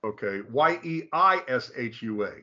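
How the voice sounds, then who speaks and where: A mid-pitched man walks through material in a casual, explanatory way, stopping and restarting his sentences often. He slows right down to stress particular names. The audio is dull and lo-fi. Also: lively intonation, pushed and bright. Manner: halting, frequent restarts, slow drawn-out stress on names. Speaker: presenter.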